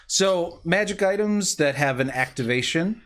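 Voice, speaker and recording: A man's voice: on the high side, expressive, a little slow, fairly bright tone. A man narrating as game master of a tabletop role-playing game, explaining rules in an easygoing way.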